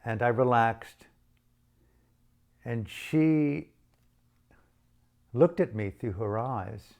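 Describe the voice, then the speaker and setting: A man's voice: mid-range voice, extremely slow, vocal fry, darkish tone. A man from the United States telling a personal story in a reflective, self-mocking way with shifting emphasis. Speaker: storyteller and author.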